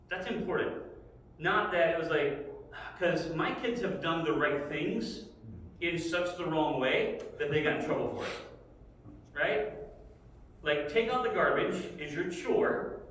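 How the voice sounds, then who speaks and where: A man's voice: on the high side, fairly bright tone. Middle-aged guy teaching sunday school, chatty, keeps saying right?, far from the mic in a reverby hall. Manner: conversational, says "right?" often. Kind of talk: casual Bible lesson.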